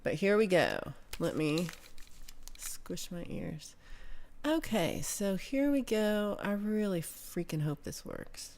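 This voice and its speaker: A woman's voice: on the low side, sing-song, slow pace, a little mellow. An American woman hosting a livestream, chatting casually and reading viewer comments aloud in a rambling way, with casual swearing. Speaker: livestream host.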